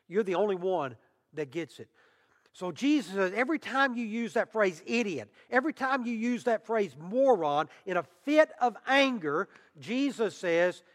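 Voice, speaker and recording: A man preaching a sermon as pastor, emphatic, with long pauses and rising intensity. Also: high voice, in a large hall.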